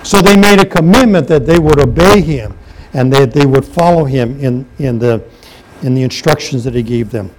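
A man's voice: medium pitch, normal speed, slight background noise, poor audio. A man preaching a sermon, reading scripture aloud and asking his listeners questions. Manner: reads scripture aloud and comments, asks the congregation questions. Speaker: pastor.

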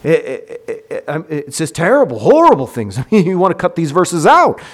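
A middle-aged man preaching a sermon, moving between relaxed storytelling and loud, drawn-out pleading cries. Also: a little high. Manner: swings from quiet storytelling to loud, slow, pleading outbursts.

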